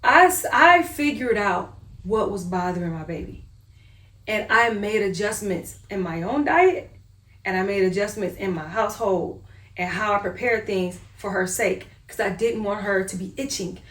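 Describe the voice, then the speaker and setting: A woman's voice: medium pitch, normal speed. Woman telling a story in an echoey room. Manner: animated, acts out her own past reactions. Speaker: mother sharing her family's diet experience. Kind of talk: casual personal storytelling monologue. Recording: echoey room, voice far from the mic.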